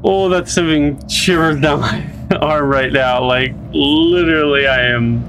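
A gamer giving casual, nervous commentary on a horror game, often talking in a high coaxing voice to the creatures on screen. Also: measured pace, noisy background. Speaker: let's play gamer.

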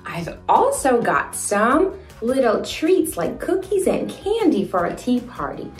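A woman hosting a toddler learning video, speaking in a sing-song, encouraging way with slow, clear words, in an echoey room with faint music. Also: a little high, sing-song. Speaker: children's show host.

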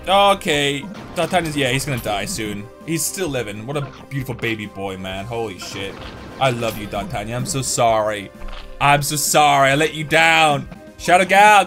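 A young man with a slightly high voice talks through a mobile game in a loose, chatty way. He drops into low mumbles, then jumps up to yelling and laughing when things go wrong, with faint music running underneath. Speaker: gaming YouTuber. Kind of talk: casual gameplay commentary.

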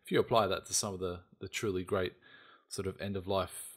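A man's voice: deep voice, fairly even intonation, fairly quick. A man hosting a casual gaming podcast, laid-back and joking as he steers the topics. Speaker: podcast host.

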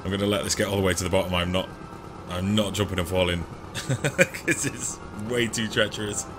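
A man's voice: deep voice, a little fast, music in the background. A man hosting a let's play, giving chatty, self-mocking gameplay commentary and laughing often.

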